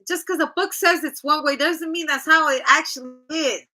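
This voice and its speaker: A woman's voice: high-pitched, moderate pace, pushed and bright, low-quality recording. A woman giving a casual tarot reading in a blunt, chatty, profane way. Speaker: tarot reader.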